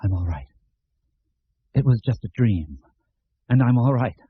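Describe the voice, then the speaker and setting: A man's voice: medium pitch, expressive, unhurried, husky, no room sound, narrow, tinny audio. A man voicing a shaken male writer talking to himself after a nightmare.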